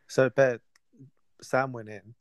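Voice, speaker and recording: A man's voice: mid-range voice, fairly even intonation, takes it slowly, dry recording. A man hosting a casual podcast chat, recapping points and asking questions. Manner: asks questions and recaps for listeners. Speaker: podcast host.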